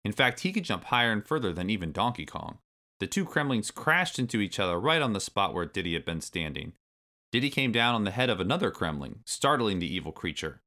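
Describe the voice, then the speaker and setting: A man narrating a children's storybook aloud with expressive delivery. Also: on the low side, brisk.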